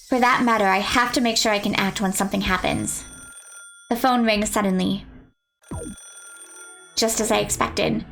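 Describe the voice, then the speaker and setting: A woman reading a visual novel aloud, with playful joking asides to her listeners. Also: medium pitch.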